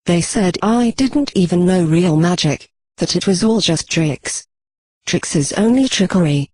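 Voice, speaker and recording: A text-to-speech voice reading the lines of a proud, upset young unicorn filly from a storybook, in a flat, even synthetic delivery. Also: mid-range voice, a little slow, no room sound.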